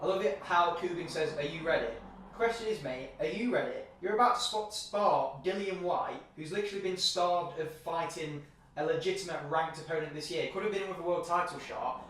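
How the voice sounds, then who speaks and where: A man's voice: fairly high pitch, a bit bright, a little hiss or hum. A young man co-hosting a casual boxing show, joking and swearing a lot. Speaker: co-host. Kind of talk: casual banter. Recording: echoey room from a distance.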